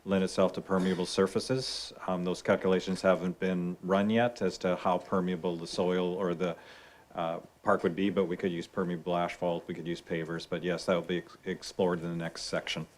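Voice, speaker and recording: A man's voice: low voice, flat delivery, slight background noise. A man giving formal technical answers at a council meeting, addressing the chair properly. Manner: formal, measured.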